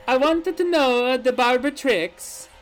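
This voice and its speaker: A speaker putting on a squeaky fake-Italian barber man. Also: takes it slowly, faint music behind, poor audio. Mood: eager. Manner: stammering, broken mock-Italian.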